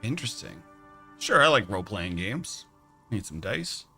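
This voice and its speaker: A male streamer talking over his game in a playful, animated way. His voice is bright and lively, with his pitch swinging a lot, and faint music plays behind him. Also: normal speed. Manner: animated, playful, reads dialogue aloud, laughs. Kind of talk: casual game let's play.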